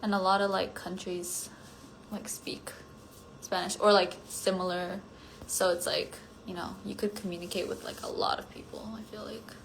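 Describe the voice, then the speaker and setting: A young woman chatting casually with viewers on a phone livestream, rambling with lots of fillers and often trailing off into a hush. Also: fairly low pitch, level tone, moderate pace, gravelly, a little hiss or hum. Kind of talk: casual chat.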